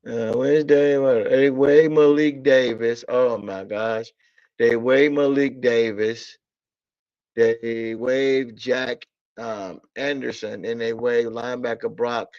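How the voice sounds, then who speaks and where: A man's voice: medium pitch, steady tone, slow, a little mellow, no room sound. A man ranting about football in a casual stream, blunt and profane, repeating himself in exasperation. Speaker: sports talk streamer. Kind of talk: casual sports rant. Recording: dull lo-fi audio.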